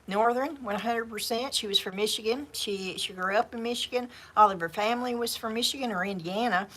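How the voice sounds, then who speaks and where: Slow-talking Southern woman. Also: medium pitch, pushed and bright. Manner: chatty, rambling, often repeats words and laughs. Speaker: livestream host. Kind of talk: casual chat. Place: home craft livestream.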